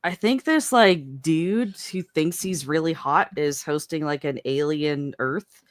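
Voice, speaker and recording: Podcast guest, mid pitch, rambly and chill, dry mic. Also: unhurried, no echo. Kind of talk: casual chat.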